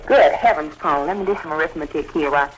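A woman interviewing a guest on a scripted 1940s radio broadcast, asking lively, bantering questions. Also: deep voice, fast talker, a little hiss or hum, low-quality recording.

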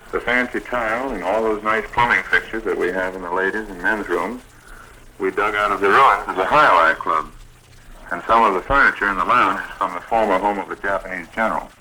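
A man's voice: sits low, pushed and bright, slight background noise, poor audio. A man being interviewed about his club on a scripted 1940s radio broadcast, reading his prepared lines steadily and proudly. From United States. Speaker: Red Cross program director.

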